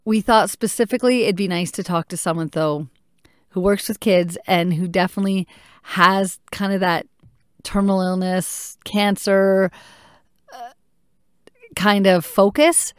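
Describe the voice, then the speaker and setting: A woman in her thirties, a mother speaking candidly and reflectively, thinking aloud with pauses. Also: medium pitch, clean tone, no echo, studio quality. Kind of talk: personal talk to camera.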